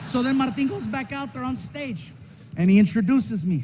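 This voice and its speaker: A male stand-up comedian telling a story on stage in an animated way, breaking into shouts and character voices. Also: sits high, normal speed. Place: comedy stage before a live audience. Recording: stand-up recording with audience noise.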